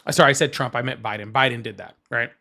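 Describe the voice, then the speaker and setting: A young man hosting a casual political debate, blunt and argumentative, with rough, profane language. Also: mid-range voice, steady tone, fast talker, sharp tone. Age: young adult. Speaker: political show host.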